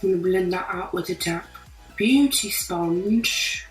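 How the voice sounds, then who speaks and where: A beauty vlogger with a fairly low voice and measured pace chats through a makeup tutorial in a put-on British accent, walking through each step. The sound is roomy, with a distant mic and faint music.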